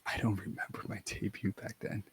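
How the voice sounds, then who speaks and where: A man's voice: on the low side, flat delivery, a little fast, a bit bright, a little hiss or hum. A young man, a wrestler guest on a podcast, telling rambling, casual stories full of restarts and acted-out quotes. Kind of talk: casual storytelling.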